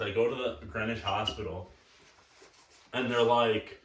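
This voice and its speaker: A man's voice: mid-range voice, moderate pace, a bit bright, far from the mic. Crude, rambling young man in an echoey room. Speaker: podcast co-host. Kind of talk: casual chat.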